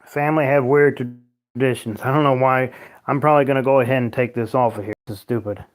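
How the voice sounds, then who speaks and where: A man's voice: mid-range voice, quick pace. A man hosting a casual livestream at home, reading viewer comments aloud and rambling with lots of swearing and frequent laughter. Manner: profane, rambling, laughs often. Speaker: livestream host.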